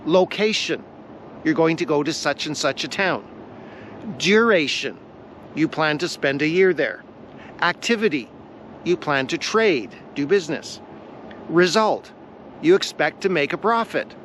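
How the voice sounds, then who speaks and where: A man teaching a devotional lesson on a vlog, earnest and deliberate, repeating his key phrases for weight. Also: a little high, lively intonation, fairly bright tone, slight background noise. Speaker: Bible teacher.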